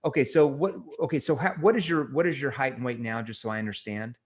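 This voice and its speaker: A middle-aged man coaching sales calls, giving direct feedback and slowing down to stress key words. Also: medium pitch. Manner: direct, instructive, slows down for emphasis. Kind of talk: coaching role-play feedback.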